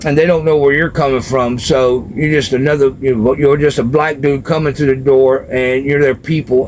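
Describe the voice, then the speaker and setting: A man's voice: mid-range voice, fairly even intonation, normal speed, hardly any pauses, darkish tone, poor audio. A man telling a long, casual story straight to camera, in plain street slang. He leans on "you know" and keeps it loose. There is faint ambient noise behind him. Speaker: vlogger describing prison life from experience.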